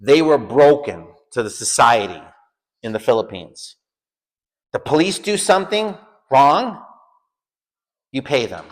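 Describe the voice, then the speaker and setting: An American man at a medium pitch, teaching an informal lesson. He tells a personal story with lots of energy, repeats himself, restarts and jumps up loudly when he acts out the people in it. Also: a little slow, long pauses. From United States. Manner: animated storyteller, acts out shouted quotes. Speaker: home school teacher.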